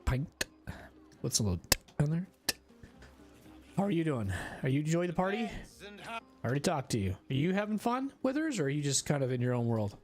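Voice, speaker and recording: A man's voice: fairly high pitch, very animated, fast, pauses often, darkish tone, faint music behind. A man streaming a video game, chatting and teasing in a joking, casual way.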